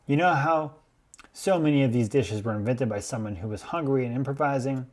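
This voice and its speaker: Male podcast host, measured storyteller, mid-pitched voice. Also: darkish tone. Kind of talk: scripted explainer podcast.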